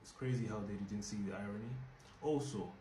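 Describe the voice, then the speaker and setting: A man from Nigeria gives a spoken book review, explaining in a measured, reflective way. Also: lowish voice, warm tone. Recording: echoey room with faint noise.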